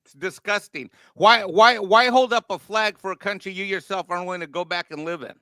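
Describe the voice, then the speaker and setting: Brief: male co-host, high and bright voice, brash sarcastic humor, dry close mic. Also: brisk, clear, resonant tone, no echo. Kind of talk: casual political chat. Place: home near a golf course.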